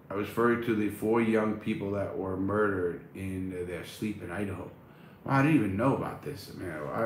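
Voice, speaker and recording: A man with a lowish voice hosts a relaxed livestream, reading viewer comments out and answering them off the cuff. He pauses often on "uh" while he gathers his thoughts. The room echoes noticeably, and there is a faint hum of noise behind him. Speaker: livestream host. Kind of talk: casual livestream chat, reading viewer questions aloud. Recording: roomy echo, faint background noise.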